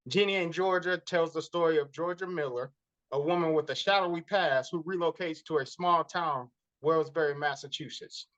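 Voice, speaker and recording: A man's voice: a little high, moderate pace, fairly bright tone. Playful man, dull lo-fi sound. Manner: playful, laughs often. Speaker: podcast co-host. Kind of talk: casual chat.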